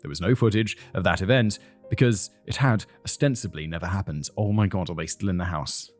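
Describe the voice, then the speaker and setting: A man's voice: a little fast, faint music behind. A man with a British accent hosting a podcast, reading a case aloud with rambling, self-mocking asides. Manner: rambling, self-mocking asides, climbs high when excited. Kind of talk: casual chat with read narration.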